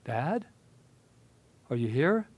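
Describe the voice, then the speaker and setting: A man's voice: mid-range voice, sing-song, extremely slow, dry recording, full character voice. A man voicing himself as a frightened seven-year-old boy, with a quivering, pleading voice.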